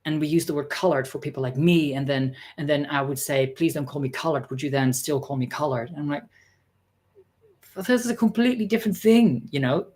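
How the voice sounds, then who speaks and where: A man vlogging a casual story, exasperated and sarcastic, acting out the people he quotes with sudden jumps in pitch. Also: fairly quick, a little mellow. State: tired.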